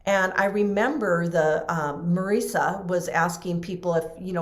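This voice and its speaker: Lowish woman guest, roomy echo. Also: moderate pace, hardly any pauses. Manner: animated, acts out quoted voices, many fillers. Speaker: interview guest. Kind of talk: personal storytelling in conversation.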